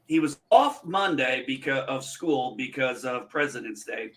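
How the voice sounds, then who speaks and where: A man's voice: mid-range voice, expressive, unhurried. A man hosting a casual chat, telling rambling stories and swearing freely. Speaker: podcast host.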